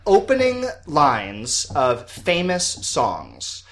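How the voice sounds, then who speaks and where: A man with a lively, up-and-down voice hosting a casual quiz podcast segment. He laughs often and talks the rules through in a relaxed, loose way. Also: fairly high pitch, extremely slow. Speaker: quiz show host running a segment.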